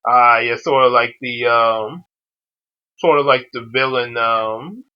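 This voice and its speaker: A man's voice: mid-range voice, fairly even intonation, slow. A man hosting a casual chat, talking hesitantly with lots of "uh" and "um" fillers. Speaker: host. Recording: dull lo-fi audio.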